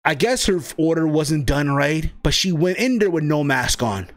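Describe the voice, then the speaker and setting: Casting: young New man, slightly high voice, loose profane podcast rambler. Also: animated, moderate pace. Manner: rambling, profane, many fillers and tag questions. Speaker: wrestling podcast host. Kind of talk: casual solo podcast chat.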